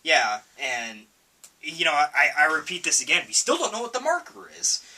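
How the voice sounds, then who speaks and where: Male game reviewer, casual and stop-start, somewhat high, bright tone, recorded off-mic. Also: wildly swooping pitch. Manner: halting, repeats words, frequent coughs and laughs. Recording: voice from far off the mic.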